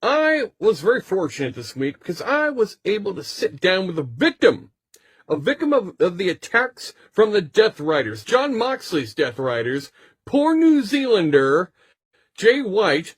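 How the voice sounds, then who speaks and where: Dude doing a goofy fake reporter interview, kinda high voice, super dry audio. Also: male voice, slightly rough, no echo. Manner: over-the-top, indignant mock reporter. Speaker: comedy correspondent. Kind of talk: mock interview comedy bit.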